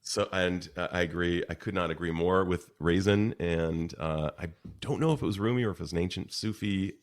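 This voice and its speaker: A man speaking as a podcast guest, earnest and warm in tone, sometimes stopping to search for the right word. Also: low voice, fairly quick. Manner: earnest, searching for words mid-sentence. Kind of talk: conversational interview.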